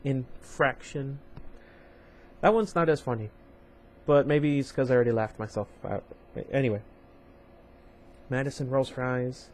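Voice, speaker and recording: A man's voice: mid-range voice, unhurried. A man hosting a casual read-aloud of a young adult novel. He reads the story plainly and often breaks off to chat with his viewers. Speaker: channel host reading a novel aloud.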